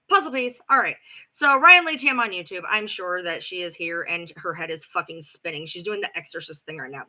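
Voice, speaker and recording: Animated, sarcastic middle-aged woman. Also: mid-range voice. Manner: animated, profane, sarcastic gossip with acted-out quotes. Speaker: livestream host. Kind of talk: casual storytelling on a livestream.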